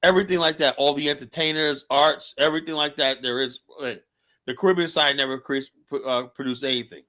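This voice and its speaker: A man's voice: fairly high pitch, steady tone, a little fast, pushed and bright. An American man hosting a casual talk show, speaking emphatically and often tagging lines with "you know?". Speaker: show host.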